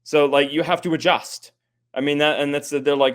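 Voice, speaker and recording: A man's voice: a little high, fairly even intonation, moderate pace, a bit bright. A man in his forties, a guest expert, explaining ideas in a thoughtful conversational way, with many fillers and restarts. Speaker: guest expert on personality types.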